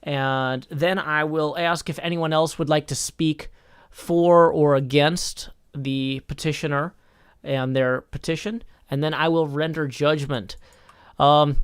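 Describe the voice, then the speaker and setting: Man, stream host, measured mock-formal delivery, smooth clear voice, dry sound. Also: on the high side, dry recording. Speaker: streamer hosting a game server. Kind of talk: casual livestream chat.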